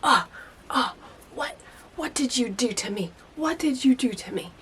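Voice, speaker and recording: A woman's voice: fairly high pitch, lively intonation, unhurried, fairly bright tone, slight background noise, pitched above the performer's own voice. A woman voicing an irate, drunk female salon client who frantically accuses her hairdresser. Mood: angry.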